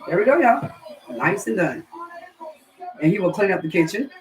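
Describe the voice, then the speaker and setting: A woman's voice: medium pitch, sing-song, normal speed, rough recording. A woman with a Southern North Carolina accent hosting a casual home livestream, chatting to viewers as y'all and swearing then apologizing. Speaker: cooking channel host. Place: home, indoors.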